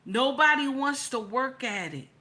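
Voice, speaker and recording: A woman's voice: high voice, animated, measured pace, bright, forceful tone. A middle-aged woman hosting an opinionated livestream, blunt, profane and preachy, greeting her chat as she talks. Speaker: livestream host.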